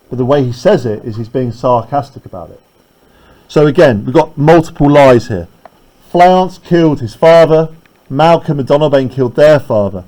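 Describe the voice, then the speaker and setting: In a mellow, mid-range voice, a male teacher walks through a play during a literature lesson over poor audio. He reads the verse slowly before paraphrasing it quickly, punctuating explanations with "right?" and "okay?"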